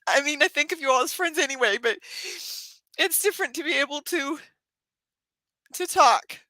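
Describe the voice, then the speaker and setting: A woman hosting a live stream for her yarn craft channel, tearful and crying, talking in a halting, sighing, apologetic way. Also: high voice, expressive, sharp tone, no room sound.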